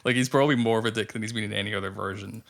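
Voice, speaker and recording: Lower-pitched man chatting about films. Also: steady tone, racing, vocal fry, fairly bright tone. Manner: laughs often, many fillers and restarts. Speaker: podcast co-host. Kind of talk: casual film discussion.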